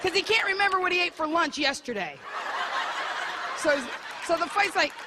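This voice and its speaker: A woman's voice: very high-pitched, animated, moderate pace. A woman comedian performing a bawdy stand-up set live, teasing the audience members. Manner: brash, bawdy, crowd-teasing delivery. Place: comedy club stage. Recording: live club set with loud crowd laughter and noise. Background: crowd laughing.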